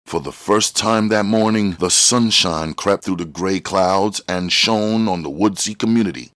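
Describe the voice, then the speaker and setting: A man reading a novel aloud as narrator in a steady, measured way. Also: low-pitched. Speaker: audiobook reader. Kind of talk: storybook reading.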